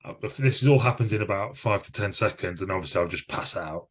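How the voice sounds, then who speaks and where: A man with a low, deep voice tells a story on a podcast. He talks casually and laughs at himself as the tale rolls on. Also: fast talker, fairly bright tone, slightly rough. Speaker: podcast co-host.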